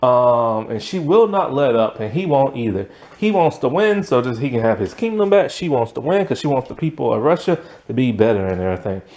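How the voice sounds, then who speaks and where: Animated, rambling young man reviewing a show. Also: mid-range voice, fairly quick, hardly any pauses. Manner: rambling, full of ums and likes, chuckling. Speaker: TV series reviewer. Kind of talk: casual spoken review.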